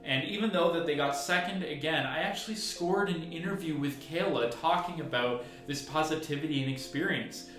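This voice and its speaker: A man's voice: a little high, moderate pace, few pauses, a bit bright. A young man hosts a casual recap video in a chatty way, laughing often as he talks. His voice sits in the middle range. The room around him is very echoey, and faint music plays underneath.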